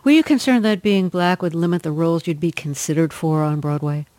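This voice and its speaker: A woman interviewer asking measured, informed questions. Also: low voice, darkish tone, dry recording. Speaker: interviewer, host.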